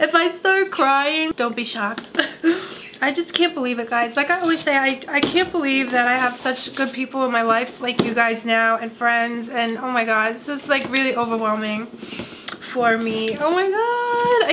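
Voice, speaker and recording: A woman's voice: high-pitched, background noise. A young woman gushing through an emotional unboxing vlog, gasping and close to tears. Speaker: beauty vlogger.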